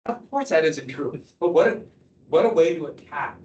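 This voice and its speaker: A man teaching a history lecture to a class, animated and quizzing students as he goes. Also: on the high side, moderate pace, dull audio, slight background noise. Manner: animated, asks the class questions. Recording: echoey classroom from far off.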